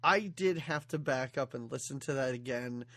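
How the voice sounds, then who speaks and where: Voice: medium pitch, moderate pace, a bit bright. A podcast co-host chatting casually about a film, laughing often. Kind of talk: casual movie-review chat.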